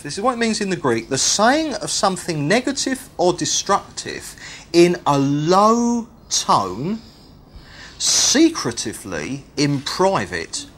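A man's voice: fairly high pitch, a bit bright. A man teaching a Bible study sermon in a jokey style, repeating and stretching key words.

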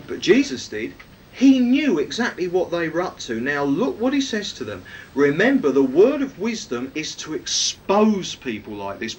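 Male preacher, lively pitch, fairly high voice, emphatic Bible teaching with rhetorical questions. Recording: distant mic, faint rumble.

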